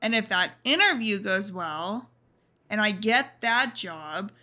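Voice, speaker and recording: A young adult woman streaming a game, chatting casually in a relaxed, drawling way. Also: mid-range voice, takes it slowly. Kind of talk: casual chat while gaming.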